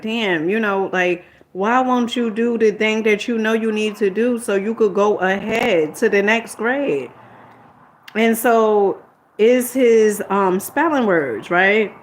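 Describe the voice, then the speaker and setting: A middle-aged woman speaks a little slowly in a mid-range voice, sharing a personal story on her vlog. She's candid and rambling, repeating what she said in arguments and lecturing like an exasperated mom.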